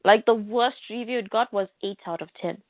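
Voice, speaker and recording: A woman's voice: medium pitch, brisk, no room sound. Frank, rambling woman on a phone line. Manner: rambling, frank, many fillers. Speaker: podcast co-host. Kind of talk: casual chat about comics. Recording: dry, tinny phone-like line.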